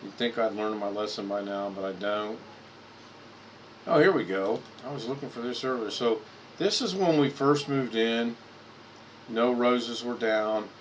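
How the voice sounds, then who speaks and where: A man's voice: medium pitch, measured pace, slight background noise, poor audio. A man hosting a casual live stream, rambling and repeating words as he clicks through photos at his computer.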